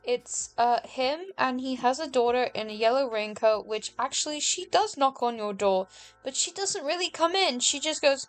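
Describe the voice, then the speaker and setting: British woman, high voice, playful and giggly guest co-host. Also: normal speed, soft background music. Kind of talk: casual gaming lore chat.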